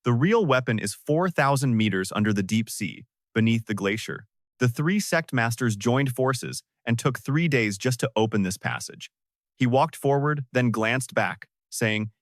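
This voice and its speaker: Brief: male recap narrator, mid-pitched, very dry close sound. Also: expressive, unhurried, dry recording. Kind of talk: scripted story recap narration.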